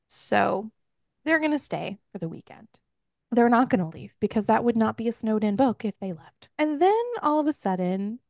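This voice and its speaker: A woman's voice: fairly high pitch, vocal fry, darkish tone, dry recording, studio quality. A woman hosting a podcast, casually and frankly recapping a book with lots of filler words. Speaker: podcast host.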